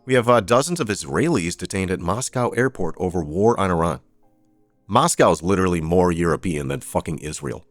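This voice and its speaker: Deep-voiced man doing sarcastic news commentary. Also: animated, brisk, dry recording, faint music behind. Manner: sarcastic, profane asides while reading headlines. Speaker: live stream host. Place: streaming setup.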